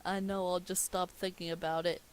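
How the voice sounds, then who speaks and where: A woman's voice: on the low side, flat delivery, normal speed, slight background noise, natural voice, rough recording. A woman reading the lines of an eager, childlike cartoon sea sponge. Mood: mixed.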